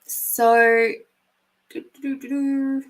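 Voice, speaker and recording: A woman's voice: high-pitched, level tone, drawn-out words, rough recording. A woman from New Zealand with a New Zealand accent, hosting a live stream and giving intuitive card readings in a chatty, affectionate way, speaking to viewers by name.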